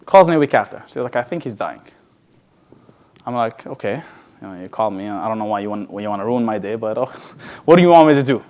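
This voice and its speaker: A man speaking at a sales event, telling an emotional personal story in a conversational way, often restarting his words and dropping to a soft, quiet voice. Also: fairly low pitch, lively intonation, fast, long pauses. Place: large event hall.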